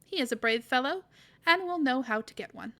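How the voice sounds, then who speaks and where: Woman playing a cheeky young boy, eager, fairly high, a little creaky, storybook. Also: animated, a little fast, sharp tone, full character voice.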